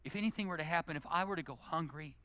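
A middle-aged male pastor delivering a sermon, swinging from loud, emphatic exhortation to hushed, intimate prayer. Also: fairly high pitch, rapid-fire, dry recording. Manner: animated preaching, climbing to loud emphasis then dropping to hushed, intimate prayer.

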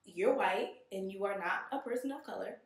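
A woman hosting a casual podcast conversation, talking in an animated way and acting out quoted exchanges. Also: mid-range voice, moderate pace, roomy sound. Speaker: podcast host.

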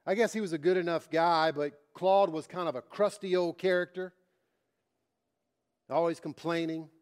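A man's voice: fairly high pitch, fairly even intonation, moderate pace. A man preaching a sermon, repeating his phrases with emphasis and telling a story to make his point. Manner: emphatic, repetitive preaching cadence.

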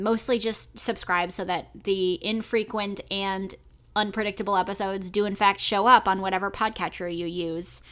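Bright-voiced woman podcast co-host. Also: mid-range voice. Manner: chatty, rambling sign-off. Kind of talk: casual chat.

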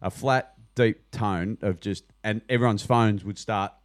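A man's voice: on the low side, no echo. Man, casual chat, joking asides, dry room. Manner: joking, chatty, quick asides. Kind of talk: casual banter.

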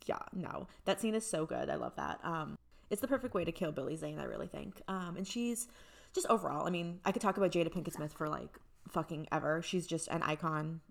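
A young woman co-hosting a casual podcast, her voice sitting on the lower side. She talks with easy enthusiasm and swears freely. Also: very animated, fairly quick, creaky. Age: young adult. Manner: enthusiastic, profane. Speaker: podcast co-host. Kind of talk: casual chat.

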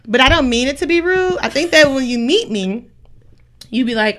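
A woman in her late twenties chatting casually, blunt and quick to laugh, swearing freely. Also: high-pitched, animated, fairly bright tone. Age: 20s. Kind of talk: casual chat.

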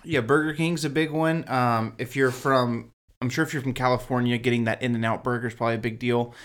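A man's voice: medium pitch, steady tone, fairly quick, a bit bright. A man from Texas co-hosting a casual podcast chat, telling rambling stories and acting out quotes. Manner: rambling storyteller, acts out quotes. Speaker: podcast co-host.

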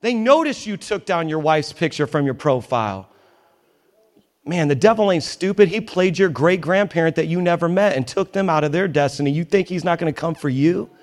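A man's voice: on the high side, lively intonation, a little fast. Emphatic man preaching a sermon. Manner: emphatic, conversational, joking asides. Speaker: pastor. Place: church in New York.

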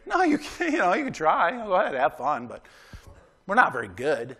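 With a high voice that swoops wildly in pitch, this pastor speaks at a moderate pace and a fairly bright tone. His sermon is relaxed and conversational, peppered with "right?" to his listeners as he emphatically spurs them on.

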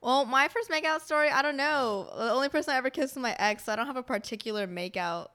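A young woman sharing a dating story in a casual chat, animated, with gasps and laughs. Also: high voice, fast, clear, resonant tone.

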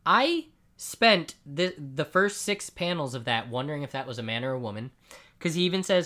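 A man co-hosting a casual podcast, retelling a comic book scene by scene and slipping into quick character voices. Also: a little high, big pitch swings, pushed and bright. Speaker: podcast co-host.

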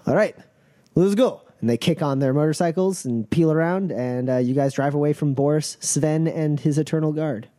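A man's voice: fairly high pitch, fairly quick, hardly any pauses, dark tone, no echo. Laid-back male game master. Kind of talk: narrating a tabletop game.

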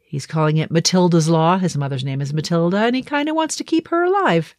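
A woman's voice: on the low side, lively intonation, fairly quick, a little mellow, dry recording, studio quality. A middle-aged woman from the Boston area with a faint Boston accent, chatting through a casual daily video diary with light laughs. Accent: Boston, mostly softened. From Boston area, Massachusetts. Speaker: video diarist.

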